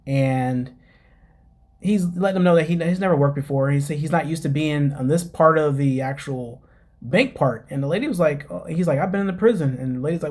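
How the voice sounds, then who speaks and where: A man with a slightly high, darkish voice talks quickly as he hosts a casual podcast recapping a reality show. He's chatty, laughs at his own jokes, and addresses his listeners as "guys."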